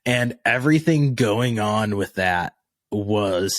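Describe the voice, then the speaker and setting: A man co-hosting a casual movie review podcast, relaxed and agreeable, often chiming in with short replies. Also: lowish voice, slow, dry recording, clean studio sound. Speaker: podcast co-host.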